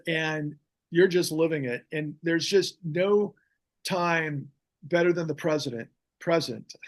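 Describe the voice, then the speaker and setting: A middle-aged man hosting a podcast, ranting about politics in a fiery, rambling way with many restarts. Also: on the high side. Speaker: podcast host. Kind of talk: impassioned political talk.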